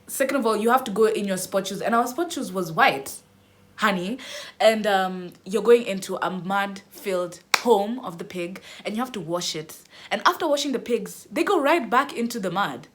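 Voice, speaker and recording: A young woman vlogger telling a dramatic storytime, squealing into high cries as she acts out her panic. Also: lively intonation, moderate pace. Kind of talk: animated storytime.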